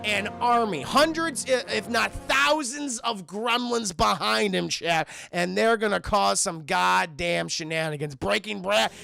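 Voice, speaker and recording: A man's voice: high voice, measured pace, creaky, hardly any pauses, sharp tone, soft background music. A young man recapping a film on a live stream, swearing freely and constantly addressing his chat.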